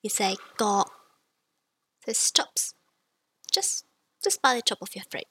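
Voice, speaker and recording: Breathy, bright-voiced woman teaching slowly. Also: a little high, very animated, no echo, rough recording. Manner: patient, demonstrative, drawing out example sounds. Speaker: language teacher. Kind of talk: slow, clear language lesson.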